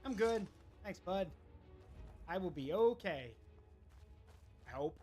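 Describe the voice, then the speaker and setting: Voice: medium pitch, expressive, slow pace, mellow, soft background music. A streamer casually commenting while playing a video game, chatting along with viewers. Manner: chatty, talks to chat and self while playing.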